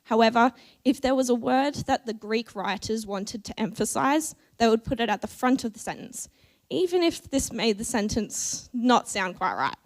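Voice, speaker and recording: A woman's voice: fairly high pitch, animated, normal speed. Earnest woman preaching a sermon. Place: church.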